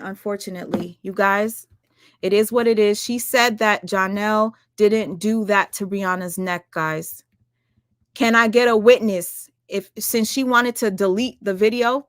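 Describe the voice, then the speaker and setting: A woman ranting on her livestream, firing rhetorical questions at her viewers, swearing often and talking fast and emphatically. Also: medium pitch, dry recording, studio quality. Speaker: livestream commentator. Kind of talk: heated livestream rant.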